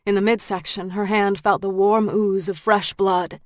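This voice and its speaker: A woman narrating an audiobook thriller in a measured, tense manner. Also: medium pitch, flat delivery, no echo, studio quality. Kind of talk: scripted narration.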